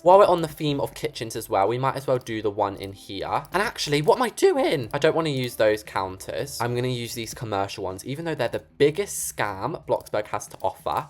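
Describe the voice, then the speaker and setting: An enthusiastic gaming creator talks viewers through a building project in a casual, chatty way. The pitch swings widely and expressively, and the delivery stays upbeat and conversational throughout. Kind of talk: casual building walkthrough with commentary.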